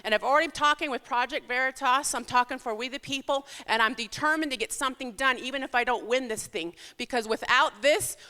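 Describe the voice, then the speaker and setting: A woman's voice: high voice, fairly quick, hardly any pauses, pushed and bright. A woman giving an urgent, pleading campaign speech in a church hall. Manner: urgent, pleading, grows tearful. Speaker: political candidate. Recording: echoey hall with long reverb.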